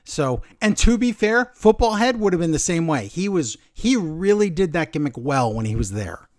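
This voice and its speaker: Podcast guy retelling a match, doing everyone's lines, higher voice, dry mic. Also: normal speed, dry recording. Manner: animated storytelling, acting out quotes. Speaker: podcast co-host. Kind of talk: casual wrestling chat.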